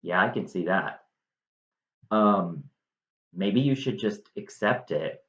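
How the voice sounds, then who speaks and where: A man's voice: sits low, expressive, slow, fairly bright tone, pitched below the performer's own voice, heavily acted. A man doing a hesitant new king. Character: awkward, cautious newly crowned king. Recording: roomy, slightly muffled room sound.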